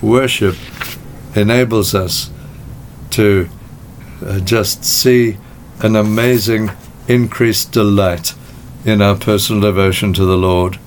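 A man preaching a sermon as pastor, with measured delivery and slowed, emphatic phrases. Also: on the low side, steady tone, slight background noise.

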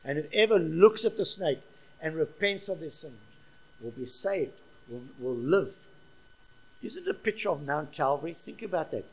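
A man preaching with fervent conviction. His voice sits a little higher than most men's and swings between ringing emphasis and hushed, earnest phrases. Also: expressive, moderate pace, creaky. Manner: impassioned, swings from soft to loud. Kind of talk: sermon.

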